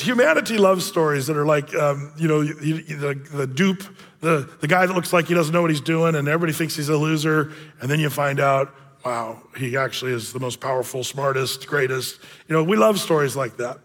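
Male pastor, high voice, casual storytelling sermon full of filler words, long church reverb. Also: fairly quick, a bit bright. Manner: chatty, storytelling, many fillers. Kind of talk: conversational sermon. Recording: long reverb of a large hall.

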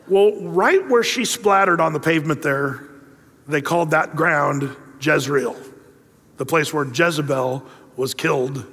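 A man's voice: on the high side, measured pace, fairly bright tone, husky. A man preaching a sermon, telling a story with playful asides and acting out quoted lines. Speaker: pastor. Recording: long hall reverb.

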